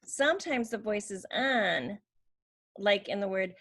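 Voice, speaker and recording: A woman's voice: medium pitch, animated, a little slow, a bit bright. A woman teaching how to make speech sounds, explaining patiently and demonstrating each sound. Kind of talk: slow instructional demonstration.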